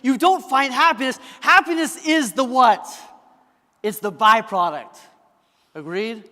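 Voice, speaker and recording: A man's voice: very high-pitched, unhurried, sharp tone. A man giving a live motivational keynote, emphatic and constantly asking the crowd for answers. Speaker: motivational speaker. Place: large event hall. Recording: reverberant hall from stage.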